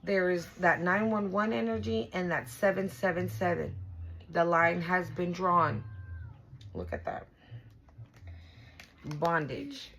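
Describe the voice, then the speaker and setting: Gravelly low-voiced woman giving a blunt reading. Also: takes it slowly, long pauses, a bit bright, a little hiss or hum, low-quality recording. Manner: blunt and profane, swears freely; emphatic and repetitive, restarts often. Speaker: tarot reader. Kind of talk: casual spiritual reading to viewers.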